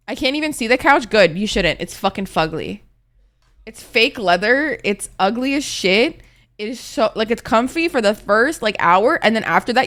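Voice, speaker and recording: A woman's voice: on the high side, lively intonation, normal speed, fairly bright tone. Chatty tired young woman streamer. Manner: chatty, dramatic, swears a lot. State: tired and a little congested. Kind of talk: casual chat with viewers.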